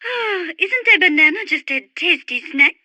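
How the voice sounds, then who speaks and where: Gentle French bird lover, high bright voice, dry game-radio read. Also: female voice, animated, normal speed, dry recording, exaggerated voice. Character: refined young French woman birdwatcher, gentle and dreamy. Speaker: radio support character.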